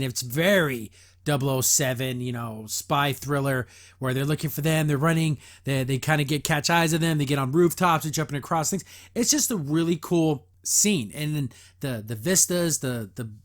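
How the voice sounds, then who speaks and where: A man hosting a podcast, casually recapping and reviewing a cartoon episode, rambling with lots of fillers and restarts. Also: fairly high pitch. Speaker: podcast host.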